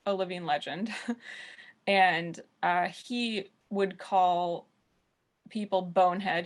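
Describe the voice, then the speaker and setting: A woman from the United States, a jazz musician, speaking candidly on an online panel discussion over a video call. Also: mid-range voice. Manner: earnest, candid storytelling.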